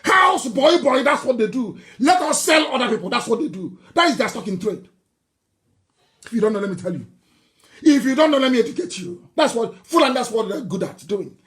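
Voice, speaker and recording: A man with a Nigerian accent giving an impassioned live broadcast speech, mocking and scornful, laughing and shouting at times. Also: very high-pitched, big pitch swings, fairly quick. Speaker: political broadcaster.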